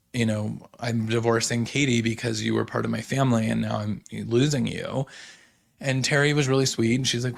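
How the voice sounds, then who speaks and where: A man's voice: mid-range voice, creaky. A young man hosting a casual recap, gossiping about reality TV and paraphrasing what others said, with lots of "like" and "you know". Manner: gossipy, quotes others in quick paraphrase, many fillers. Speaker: podcast host recapping reality TV.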